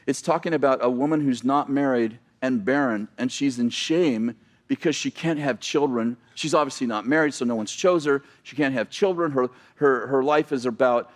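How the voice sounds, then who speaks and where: A man preaching in a church sanctuary, his voice sitting high for a man. He is animated and excitable, reads scripture, then paraphrases it loudly, often shouting, and laughs at himself for getting so loud. He talks into a stage microphone. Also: moderate pace. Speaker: pastor. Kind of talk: sermon.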